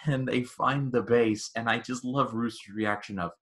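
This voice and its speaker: Bright-voiced man in excited movie chat. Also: medium pitch, normal speed. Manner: excited, acts out quotes with many restarts. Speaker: podcast co-host. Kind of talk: casual movie review chat.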